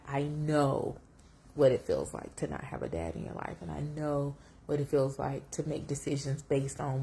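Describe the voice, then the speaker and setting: A woman telling a personal story on camera, reflective and emotional, close to tears, with lively jumps when she quotes herself. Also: low-pitched, gravelly. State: tearful. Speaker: vlogger sharing a personal story.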